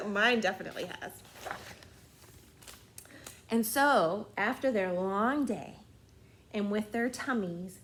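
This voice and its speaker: A woman librarian reading a bedtime story aloud to children, playful and gentle, often sinking into soft hushed tones. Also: on the high side, a little hiss or hum.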